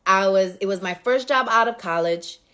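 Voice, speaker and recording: A woman with a New York accent, around her thirties, talking straight to her livestream viewers. Her voice sits in a mid range, and she tells the story in an animated, candid way, swearing freely as she goes. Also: medium pitch, moderate pace. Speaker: livestream host.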